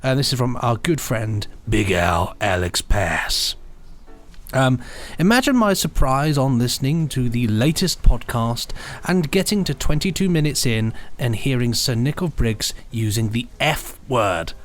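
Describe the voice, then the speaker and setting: A man co-hosting a podcast, chatting casually and reading out listener emails in a relaxed, teasing way. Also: medium pitch, unhurried. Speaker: podcast co-host.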